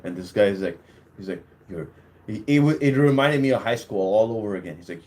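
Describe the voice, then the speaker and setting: A man's voice: fairly low pitch, expressive, brisk, a little mellow. A young man hosting a podcast on his own, talking casually and crudely in a rambling way and laughing at his own stories. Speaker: podcast host. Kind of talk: casual solo podcast talk.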